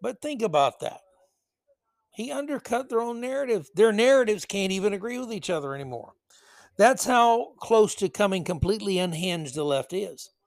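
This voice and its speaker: A man's voice: sits high, lively intonation, a little fast, no room sound. A man hosting a political commentary podcast, reading passages aloud and breaking in with sarcastic, mocking asides. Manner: reads article passages aloud. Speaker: podcast host.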